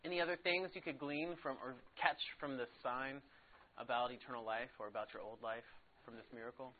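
A man's voice: mid-range voice, fairly even intonation, a little fast, slight background noise. A man leading a Bible study class, asking the group questions and explaining in a conversational, increasingly emphatic way. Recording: phone-like narrow sound.

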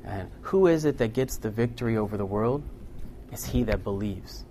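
A man preaching a sermon to a congregation in a room, earnest and building to loud, emphatic peaks. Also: lowish voice, moderate pace, slight background noise.

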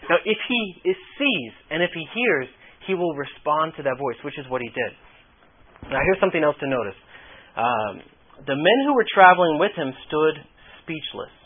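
A man delivers a sermon in an earnest, explanatory way, circling back to repeat key phrases. His voice sits slightly high and sounds husky. The sound is narrow and tinny, like a phone-line radio broadcast. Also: big pitch swings, normal speed. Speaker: preacher. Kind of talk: sermon with Bible reading.

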